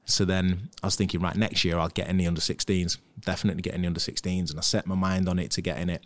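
A former footballer in his thirties tells casual anecdotes as a podcast guest, acting out what other people said. His voice is deep and level, and he talks very fast.

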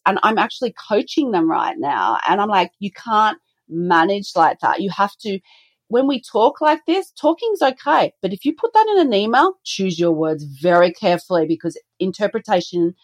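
A woman's voice: medium pitch, no room sound. A middle-aged woman, a business co-founder, chatting in an interview and acting out quoted dialogue as she tells stories. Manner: animated storyteller, acts out quoted dialogue. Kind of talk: conversational podcast interview.

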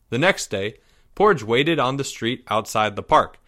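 Slow, measured male storyteller. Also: medium pitch. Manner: measured, expressive reading. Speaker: narrator. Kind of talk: storybook read-aloud.

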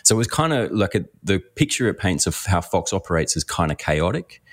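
Deep-voiced man explaining economics. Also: sing-song, fairly quick, husky. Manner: explanatory, hesitant fillers, frequent mm. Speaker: economist co-host. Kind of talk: casual podcast explanation.

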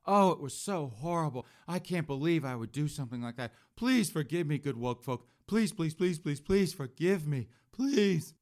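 A man's voice: fairly high pitch, animated, darkish tone, pitched above the performer's own voice, close to an everyday voice. A man mocking a whiny remorseful woman. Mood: pleading. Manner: mocking, drawn-out pleading.

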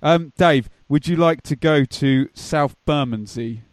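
A man hosts a football podcast with playful, teasing banter. His voice sits a little higher than most men's. He keeps things moving, reading out the team and handing over to his co-host. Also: a little slow. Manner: playful, teasing, runs the show.

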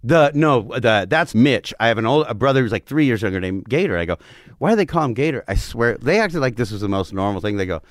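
A man's voice: fairly low pitch, lively intonation, fast talker, few pauses, dry recording, studio quality. A man in his forties from northern Florida, telling a story in a casual, profane way and acting out the quotes. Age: 40s. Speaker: podcast guest.

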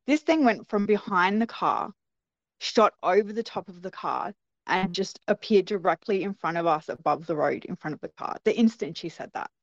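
A young woman, an interview guest, recounting a personal experience in an animated storytelling manner. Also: mid-range voice, moderate pace, no echo. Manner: animated storytelling with childlike quoted voices. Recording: dry, dull lo-fi sound.

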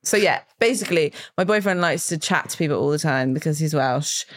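A woman's voice: low-pitched, expressive, a little fast. A pregnant woman, a comedian guest on a podcast, telling rambling anecdotes and laughing often. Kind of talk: casual podcast chat.

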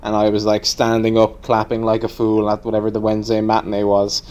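A host with a mid-pitched voice, chatting casually and teasing the panel with dry remarks. The voice comes through plainly. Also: completely flat delivery, brisk, a crowd in the background. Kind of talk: casual chat.

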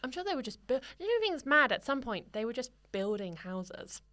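Young woman podcast cohost, super bright voice, swoopy pitch, giggly and playful. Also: big pitch swings. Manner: giggly, playful, quick to joke along. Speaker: podcast co-host. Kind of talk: casual chat.

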